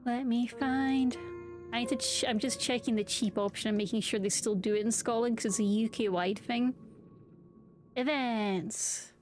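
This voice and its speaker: Bubbly woman streamer, higher voice. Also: steady tone, normal speed. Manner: bubbly, chatty, giggly. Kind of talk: casual chat with viewers. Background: background music.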